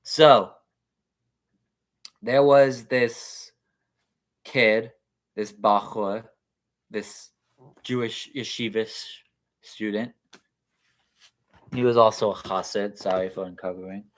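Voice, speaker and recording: Slow-talking man telling a story. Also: lowish voice. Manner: animated, acts out characters. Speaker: speaker. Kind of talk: storytelling talk.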